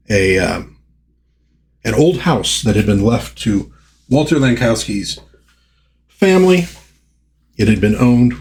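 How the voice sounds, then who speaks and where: A man's voice: lowish voice, breathy edge. A man hosting a casual comic book commentary in a chatty, enthusiastic manner.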